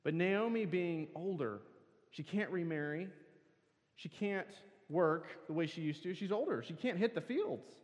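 A man's voice: fairly high pitch, expressive, a little slow, highs cut off. A man preaching at a campus worship service, telling a scripture story earnestly and pressing hard on key words. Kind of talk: sermon. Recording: long hall reverb.

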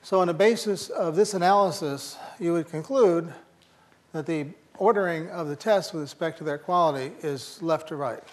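A man's voice: on the high side, moderate pace. An older man giving a university lecture, thinking aloud with fillers and restarts and slipping in dry jokes.

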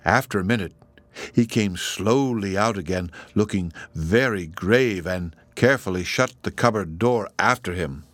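A man reading a storybook aloud as narrator in an expressive, measured way. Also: lowish voice, dry recording.

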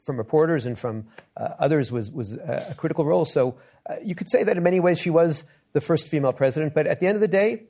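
Man panelist with a fairly high voice. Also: quick pace, mellow. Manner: hesitant, many fillers and restarts, wry. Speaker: historian on a panel. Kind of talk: panel discussion before an audience.

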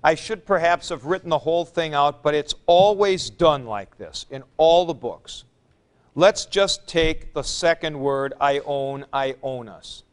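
A man's voice: a little high, lively intonation, unhurried, smooth. A man teaching a classroom lecture, patiently explaining step by step and repeating forms aloud at the board. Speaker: Greek teacher.

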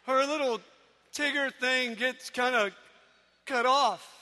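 A man telling a comic family story to a live audience, animated and quick, acting out voices. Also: very high voice. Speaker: youth speaker. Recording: long reverb of a large hall.

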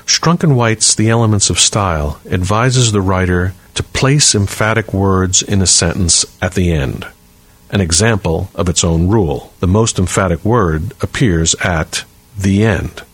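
A man hosting a podcast, reading a writing lesson in a measured, deliberate way. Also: low voice, no echo. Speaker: writing teacher, podcast host. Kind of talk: scripted instructional reading.

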